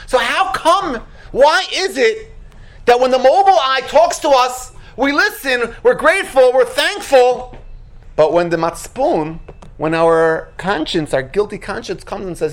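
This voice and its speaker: A religious teacher giving an animated Torah lecture, acting out quotes and sound effects and asking rhetorical questions. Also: mid-range voice, normal speed.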